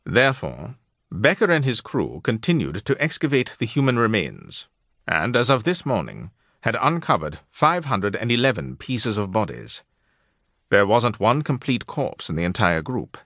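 A man reading an audiobook with measured storytelling and a lowish voice. His delivery has a lively, varied melody. The recording is close and dry. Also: dry recording. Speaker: audiobook narrator. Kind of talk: scripted narration.

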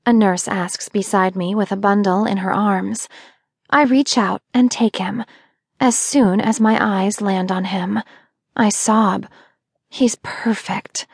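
A woman reading a first-person audiobook narration in a steady, intimate way. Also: mid-range voice, takes it slowly, creaky, husky, no room sound, studio quality.

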